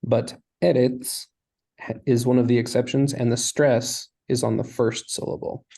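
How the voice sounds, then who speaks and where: A man's voice: medium pitch, level tone, normal speed, vocal fry, warm tone, low-quality recording. A man teaching a Hebrew lesson, explaining patiently step by step. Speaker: language teacher.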